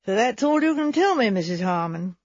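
A woman's voice: mid-range voice, sing-song, a little fast, no echo. Woman doing a homely, apologetic village sergeant. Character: plain-spoken village police sergeant, male. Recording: slightly dull recording.

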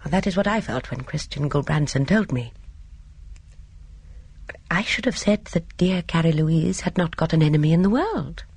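A woman voicing a grave, cautious middle-aged man in an audiobook, speaking in a measured, grim way. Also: low voice, animated, darkish tone, slightly rough, heavily acted. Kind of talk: audiobook character voice.

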